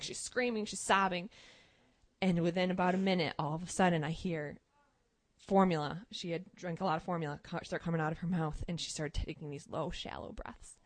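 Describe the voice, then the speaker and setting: A woman's voice: on the low side, dry recording. Earnest mother telling a story. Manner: earnest, animated storytelling with fillers. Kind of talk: casual personal testimony.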